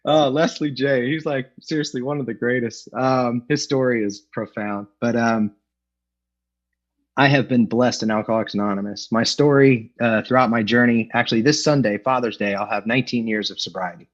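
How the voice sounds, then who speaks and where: A man's voice: mid-range voice, moderate pace. Candid, self-mocking man on a dull call. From Los Angeles. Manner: candid, self-deprecating, with frequent fillers and laughs. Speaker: AA speaker sharing his story. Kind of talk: personal recovery talk. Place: home, on an online meeting. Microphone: video call. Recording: dull lo-fi online call audio.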